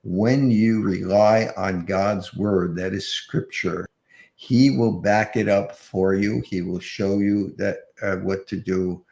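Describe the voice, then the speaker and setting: A male guest speaker closing his presentation, halting with many fillers and restarts. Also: fairly low pitch, fairly even intonation, vocal fry, darkish tone, echoey room.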